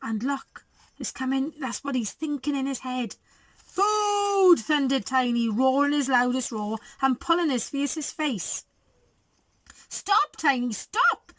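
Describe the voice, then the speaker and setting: A woman teacher reading a storybook aloud to young children, animated and coaxing. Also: high-pitched, normal speed, dry recording. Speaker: primary school teacher.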